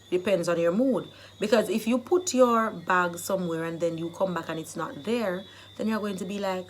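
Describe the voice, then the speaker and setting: A woman with a Jamaican accent who teaches Jamaican phrases in a casual vlog, explaining them and acting them out in lively bursts. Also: on the low side, moderate pace.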